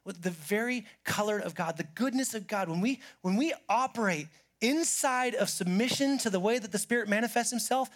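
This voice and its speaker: A man preaching a sermon as pastor, animated, swinging from loud acted quotes to hushed asides. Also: high voice, a little fast.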